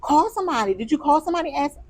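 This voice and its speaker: A woman co-hosting a podcast in casual chat, telling stories with animated, expressive delivery. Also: high voice, very fast, slight background noise. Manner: animated storytelling, turns emotional. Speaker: podcast co-host.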